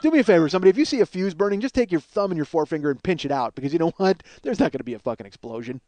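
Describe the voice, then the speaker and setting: A man's voice: high voice, big pitch swings, racing, hardly any pauses, a little mellow, no echo. A man in his forties hosting a comedy podcast, telling a story in a profane, ranting, exasperated way. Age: 40s. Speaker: podcast host.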